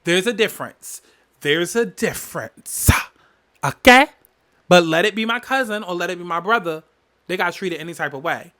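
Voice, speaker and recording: A man's voice: high voice, fairly quick, pushed and bright. A man hosting a podcast, telling a personal story in an emphatic, candid way. He repeats phrases for weight and swears freely. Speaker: podcast host.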